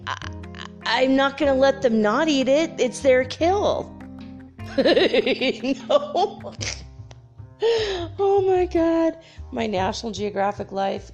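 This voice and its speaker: A woman in her fifties hosting a casual spiritual chat show, telling stories in a chatty, animated way and laughing often. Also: a little high. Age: 50s. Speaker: host.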